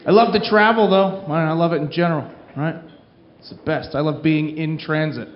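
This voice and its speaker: A man's voice: fairly high pitch, a little fast, dull audio, a little hiss or hum. A man doing a stand-up comedy set on a club stage, telling stories and acting out the people in them. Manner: animated storytelling, acting out characters' lines. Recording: roomy club recording with crowd laughter.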